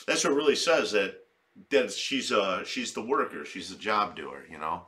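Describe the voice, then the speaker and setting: A man's voice: lowish voice, lively intonation, moderate pace, pushed and bright. Crude, rambling male commentator. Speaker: video commentator. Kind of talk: comic reaction commentary.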